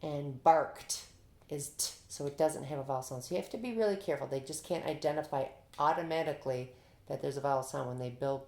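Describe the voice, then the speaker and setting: A woman with a low voice walks teachers through a reading lesson. She speaks in an upbeat, encouraging way and gives lots of praise. The room sounds echoey around her. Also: darkish tone. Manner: upbeat, praising, demonstrates student answers. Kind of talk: instructional explanation to teachers.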